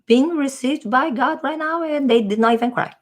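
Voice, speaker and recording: A woman's voice: sits high, normal speed. A woman vlogger musing in a casual monologue, rambling and hesitating as she searches for words.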